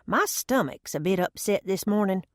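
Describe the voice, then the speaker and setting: A woman's voice: medium pitch, expressive, moderate pace, no room sound, lightly acted. A woman voicing a folksy old grandmother who swears by herbal remedies, with homespun phrasing, in a dry close recording.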